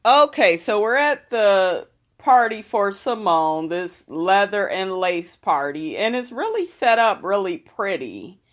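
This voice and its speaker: Sassy profane woman recapping reality TV. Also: mid-range voice.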